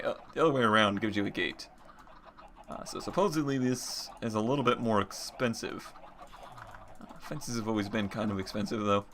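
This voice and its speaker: A man's voice: medium pitch, noisy background. Rambling man narrating his gameplay. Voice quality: rambling, thinks aloud with many restarts. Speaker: Minecraft let's player. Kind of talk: casual gameplay commentary.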